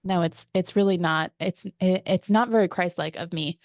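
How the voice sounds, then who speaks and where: A woman's voice: on the low side, moderate pace, a little mellow, no room sound, clean studio sound. A woman in her thirties hosting a podcast, chatting casually with dramatic, theatrical flair. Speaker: podcast host. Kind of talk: casual comedic chat.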